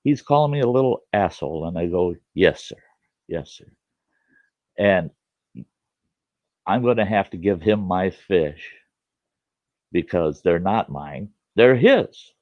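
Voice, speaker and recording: Lively folksy older man telling a story. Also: deep voice, a little slow, pauses often, dry recording. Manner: folksy, animated, conversational. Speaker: storyteller host. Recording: dull lo-fi dry recording.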